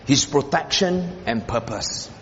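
A male pastor preaches with a high, lively voice that climbs on stressed phrases and drops to a murmur. He repeats key lines for emphasis. The sound is dull and carries a long hall echo over faint noise. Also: slow pace. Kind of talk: sermon.

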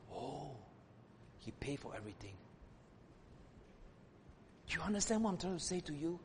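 A man preaching a sermon as a pastor, swinging between loud exclamations and hushed asides. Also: expressive, unhurried, pauses often. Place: church hall. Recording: reverberant hall with faint rumble.

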